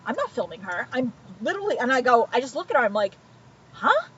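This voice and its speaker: A woman telling a story in casual chat, animated and sarcastic, acting out the people she quotes. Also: a little high, very fast. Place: outdoors by a pool. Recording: muffled, noisy poolside recording.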